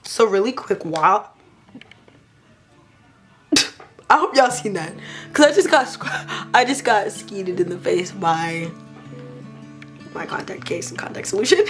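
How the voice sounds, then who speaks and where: Animated young woman gushing on camera. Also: medium pitch, measured pace, long pauses, soft background music. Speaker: beauty vlogger. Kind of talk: casual product review vlog.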